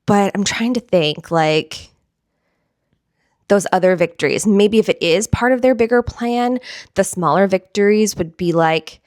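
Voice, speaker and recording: A woman's voice: mid-range voice, a little slow, a little mellow, no room sound, studio quality. A young adult woman, a fitness instructor, talking casually and upbeat to camera, giggling and repeating phrases for emphasis. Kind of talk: casual motivational talk to camera.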